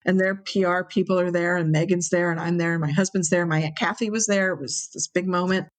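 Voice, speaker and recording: A woman telling a story as an interview guest, animated and acting out the people she quotes. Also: lowish voice, fairly quick. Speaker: interview guest, brewery owner.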